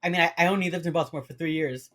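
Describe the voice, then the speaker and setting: Low-voiced laughing woman podcaster. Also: rapid-fire. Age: young adult. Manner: laughs often, relaxed and chatty. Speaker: podcast co-host. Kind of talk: casual chat. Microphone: remote video call.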